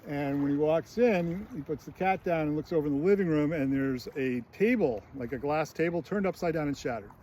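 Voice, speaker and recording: A man's voice: fairly high pitch, fairly quick, hardly any pauses, darkish tone, a little hiss or hum. A man in a casual film critique, recounting scenes in a chatty way with many fillers and brief put-on voices. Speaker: screenwriting channel host.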